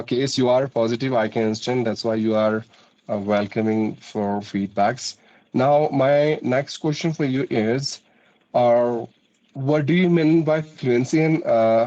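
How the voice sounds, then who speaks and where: A man's voice: medium pitch, warm tone, dull audio. A man with an Indian English accent, an English teacher asking a student questions patiently, with hesitant fillers. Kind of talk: conversation practice interview.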